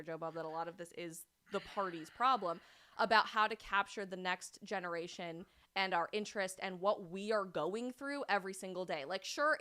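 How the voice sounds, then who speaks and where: A young adult woman from Idaho hosting a political livestream, talking in an animated, emphatic way. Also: medium pitch, clear, resonant tone. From Idaho, USA. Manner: animated, emphatic, quick asides. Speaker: host.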